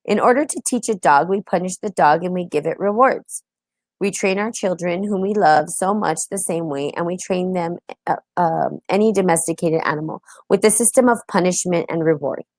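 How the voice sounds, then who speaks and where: A woman's voice: lowish voice, normal speed, darkish tone, dry recording. Chatty woman hosting a live stream. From United States. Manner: open, chatty, greets viewers by name. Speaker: host. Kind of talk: casual live-stream talk.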